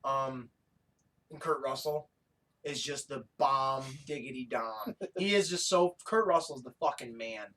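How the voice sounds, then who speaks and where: A man co-hosting a podcast in casual chat, excitable and profane, often breaking into laughter. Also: medium pitch, a little slow. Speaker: podcast co-host.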